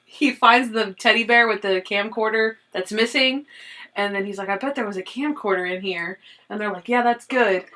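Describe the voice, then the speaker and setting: A young woman co-hosting a podcast, chatting casually and acting out characters' lines as she recaps an episode. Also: medium pitch. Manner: animated, acts out characters' lines in quoted voices. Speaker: podcast co-host.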